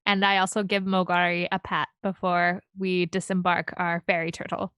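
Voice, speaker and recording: A woman's voice: fairly low pitch, flat delivery, moderate pace, fairly bright tone, clean tone, no room sound. A woman playing a tabletop game, speaking in short matter-of-fact lines. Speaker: player. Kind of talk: in-character tabletop play.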